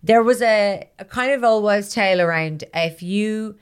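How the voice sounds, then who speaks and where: Podcast co-host, woman, chatty storyteller who keeps acting out bits, mid pitch. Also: measured pace, clear, resonant tone. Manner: chatty, giggly storyteller acting out little scenes. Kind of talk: casual chat.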